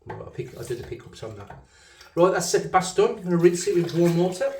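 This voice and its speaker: A man's voice: high-pitched, very animated, quick pace, dark tone, recorded from a distance, a little hiss or hum. Chatty Black Country man, echoey room. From Black Country, England. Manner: chatty, self-correcting, laughs easily. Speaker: shaving channel host. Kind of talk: casual rambling shaving commentary.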